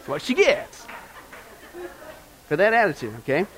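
A man preaching a sermon as pastor, animated, asking the congregation questions and acting out the voices in a joke. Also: sits high, a little hiss or hum.

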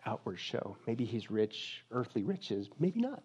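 A male pastor preaching a sermon in a lively, joking manner, swinging from loud to hushed. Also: medium pitch, unhurried, slightly rough, dull audio.

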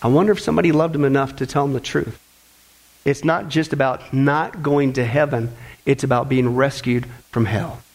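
A man's voice: mid-range voice, moderate pace, poor audio. A man preaching a sermon with emphatic, repeated phrases, speaking directly to the congregation.

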